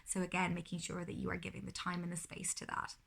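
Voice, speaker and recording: A woman's voice: fairly low pitch, completely flat delivery, fast, creaky, fairly bright tone, breathy edge. A woman in her thirties, a mother, giving parenting advice in a casual vlog, talking earnestly and often correcting herself mid-sentence. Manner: earnest, explanatory, with frequent self-corrections.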